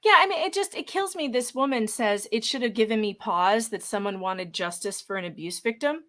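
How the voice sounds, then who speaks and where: A middle-aged woman guesting by video call in a casual interview, animated, sarcastic and quick to laugh. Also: fairly high pitch. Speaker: guest writer.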